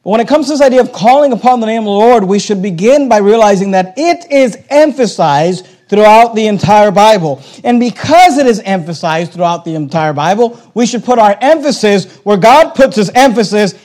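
A man preaching with a strikingly high-pitched voice, driving his points home through emphatic repetition. He delivers a pastor's sermon, returning again and again to the same phrases. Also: animated, normal speed, hardly any pauses, a little mellow, low-quality recording.

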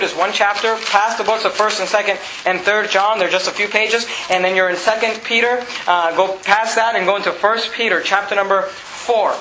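A man preaching a sermon as a pastor, fervent and rising to shouts at times. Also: high voice, echoey room, background noise. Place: church sanctuary.

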